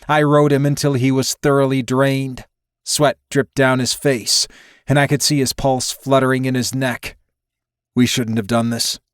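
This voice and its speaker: Male narrator for a first-person romance audiobook, mid pitch, steady and intimate, dry booth sound. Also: a little slow, clear, resonant tone, dry recording.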